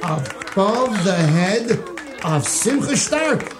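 A man narrating a rhyming children's story in a sing-song, expressive way. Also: high-pitched, extremely slow, a crowd in the background. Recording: music playing behind.

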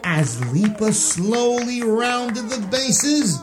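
A man reads a rhyming children's story aloud, unhurried and drawn out. His pitch rises and falls in a sing-song, expressive way. Music plays clearly behind him.

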